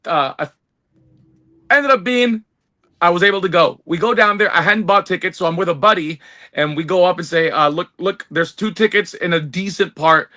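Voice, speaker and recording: High bright voiced guy, excited and rambly, casual podcast chat. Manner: excited, rambling, restarts often. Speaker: podcast co-host.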